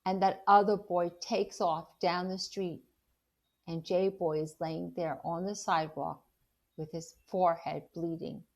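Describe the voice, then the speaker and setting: A woman reads a children's novel aloud in the manner of a teacher, animated and expressive in her storytelling. Her voice sits on the lower side and she takes her time. She breaks off now and then to put questions about the story to her listeners. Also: measured pace.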